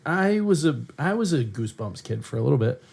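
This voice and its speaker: A man's voice: mid-range voice, big pitch swings, brisk, gravelly, a little mellow. A man co-hosting a casual podcast, joking and asking questions in crude banter. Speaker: podcast co-host. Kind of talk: casual chat.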